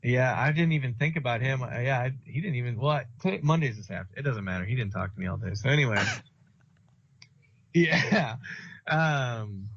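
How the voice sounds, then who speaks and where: A man's voice: medium pitch, expressive, moderate pace, gravelly, a bit bright. A young man talks casually with a friend, rambling through stories and slipping in swear words. His voice sits mid-range for a man. The recording is dull and lo-fi. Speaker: podcast co-host. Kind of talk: casual chat. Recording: dull lo-fi sound.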